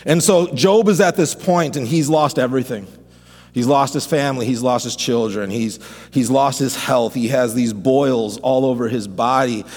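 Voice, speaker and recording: A man's voice: medium pitch, darkish tone, breathy edge. A man preaching a sermon to a congregation, fervent and building in intensity, asking them to respond. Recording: long hall reverb.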